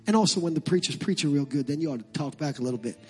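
A man preaching a sermon as pastor, swinging from impassioned shouted calls to relaxed conversational asides. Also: fairly high pitch, racing, husky.

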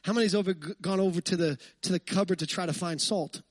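A man pastor preaching a lively, conversational sermon, full of jokes and asides to the congregation. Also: sits high, quick pace, no echo.

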